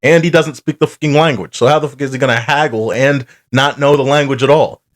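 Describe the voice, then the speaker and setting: A man's voice: medium pitch, a little fast. A man co-hosting a cartoon podcast, retelling the plot in rambling, profane, casual chat. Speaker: podcast co-host.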